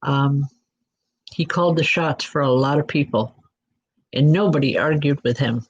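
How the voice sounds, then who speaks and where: Gentle reassuring woman medium, lo-fi. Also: deep voice, normal speed, slightly rough. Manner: gentle, reassuring, speaks straight to listeners by name. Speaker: psychic medium. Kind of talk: live spirit readings and announcements. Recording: dull lo-fi recording.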